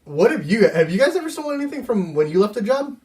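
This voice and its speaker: A man's voice: sits high, big pitch swings, fast, darkish tone. A young man hosting a podcast, laughing often and asking his friends questions in casual chat. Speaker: podcast host.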